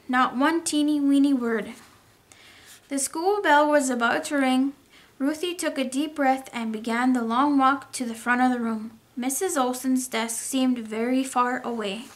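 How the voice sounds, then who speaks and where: High-voiced woman reading to kids. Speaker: teacher. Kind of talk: children's story read-aloud.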